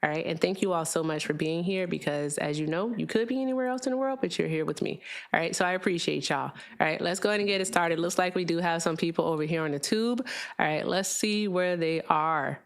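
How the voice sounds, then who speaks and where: A woman's voice: lowish voice, quick pace, vocal fry. Teasing incredulous woman host. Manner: teasing and incredulous, repeats her point. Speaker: livestream host. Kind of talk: call-in debate show talk.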